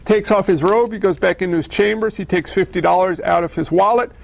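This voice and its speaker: A man preaching a sermon, telling stories in a conversational, animated way and asking the audience questions. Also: sits high, fairly quick, gravelly. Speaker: pastor.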